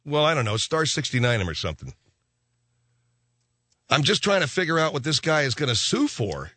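Deadpan male talk-radio host. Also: on the high side, fairly quick, no echo. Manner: dry, probing interviewer, deadpan.

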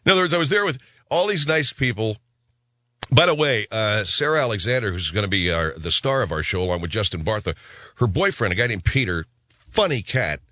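A man hosting a talk radio show, rambling and sarcastic in a gruff, offhand way, on a studio microphone. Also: on the low side, big pitch swings, brisk, pushed and bright, dry recording.

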